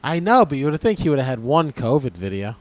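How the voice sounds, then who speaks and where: A man's voice: medium pitch, very animated, fast. A man co-hosting a casual comedy podcast, trading joking banter and laughing often.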